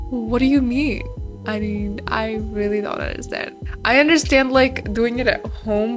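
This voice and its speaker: Woman reaction host, chatty and giggly, slightly high voice, faint music bed. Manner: chatty, laughs often. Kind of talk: casual reaction and reading aloud.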